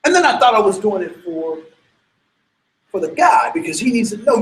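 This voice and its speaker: A man telling a personal story to an audience in an animated way, stammering into restarts and breaking into sudden loud bursts. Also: high-pitched, normal speed, pauses often, poor audio.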